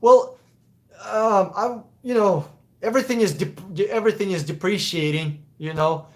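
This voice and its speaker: A man's voice: high-pitched, normal speed. A man with a Russian accent hosting a casual live Q&A stream, answering chat questions in a blunt, profane, opinionated way. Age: adult.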